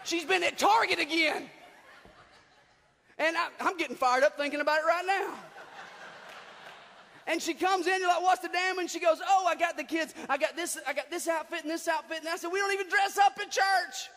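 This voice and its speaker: Animated pastor with a high, bright voice. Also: male voice, moderate pace, pauses often. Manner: animated, shouting in bursts. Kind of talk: comedic sermon with acted outbursts. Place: church hall. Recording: long church hall reverb.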